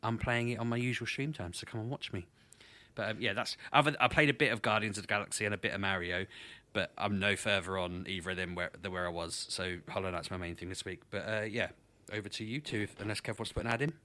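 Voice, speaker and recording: Podcast co-host, man, low-ish bright voice, rambling self-mocking, dry sound. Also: steady tone, fast talker, dry recording. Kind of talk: casual chat.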